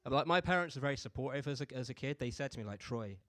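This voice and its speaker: A young man from Bristol, England, performs stand-up in a laid-back, conversational style, often saying "you know what I mean." His mid-range voice is a bit bright and very fast, captured in a dry recording.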